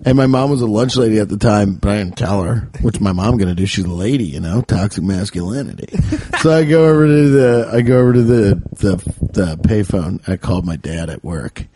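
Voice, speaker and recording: A man hosting a casual podcast, telling profane stories and dropping into quick voices of the people in them. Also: lowish voice, slightly rough. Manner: profane, animated storyteller doing quick voices of others. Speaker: podcast host. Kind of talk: casual storytelling chat.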